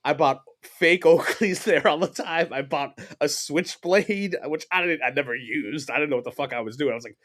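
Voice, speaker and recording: A man's voice: a little high, moderate pace, few pauses, fairly bright tone. New york guy in his 40s, rambly storyteller, swears a lot, laughs mid-sentence. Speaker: podcast guest. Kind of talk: casual chat.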